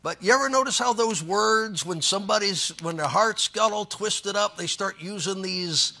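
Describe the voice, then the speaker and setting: A man's voice: sits high, moderate pace, pushed and bright. A man preaching a sermon as pastor, reading scripture and joking in a folksy way.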